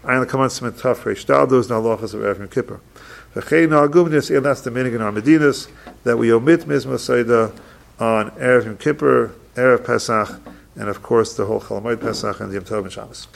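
A man teaching a halacha class, reading each Hebrew passage slowly and then explaining it in quick plain English. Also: mid-range voice, vocal fry. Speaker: Torah teacher.

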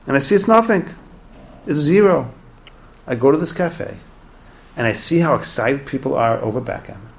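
A man's voice: medium pitch, vocal fry. A man voicing a pious male Torah scholar who confesses earnestly and with anguish.

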